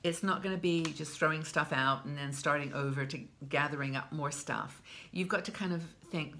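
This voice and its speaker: A woman's voice: low voice, normal speed, hardly any pauses, a bit bright, a little hiss or hum. A woman in her sixties giving casual, heartfelt advice to camera as a vlog host, chatty and open. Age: 60s. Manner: chatty and heartfelt, with frequent restarts.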